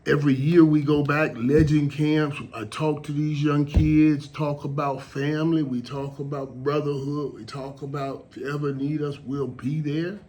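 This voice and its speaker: A man's voice: fairly high pitch, little pitch movement, normal speed, hardly any pauses, darkish tone. Emotional rambling man, casual talk. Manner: emotional, rambling, repeats words. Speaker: show host.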